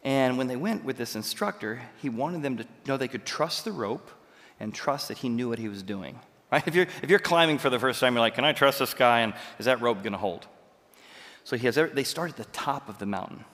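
A man preaching a sermon as pastor, telling stories with lively swings between loud and quiet. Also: mid-range voice, a little fast, big-room sound. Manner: animated storytelling, jumps between loud and soft.

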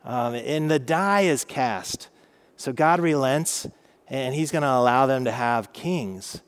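A man's voice: medium pitch, animated, slow, clear, resonant tone. A man in his thirties teaching a casual Bible lesson, chatty and humorous with many fillers.

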